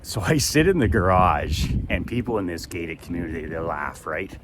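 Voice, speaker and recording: A middle-aged man from Canada with a very low voice rambles through a casual, folksy monologue, piling up repeated words for emphasis. He talks outdoors, with steady background noise and cars passing nearby. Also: normal speed. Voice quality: folksy, blue-collar manner with repetitive emphasis. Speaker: business author and speaker. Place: outdoors by a garage in a gated community.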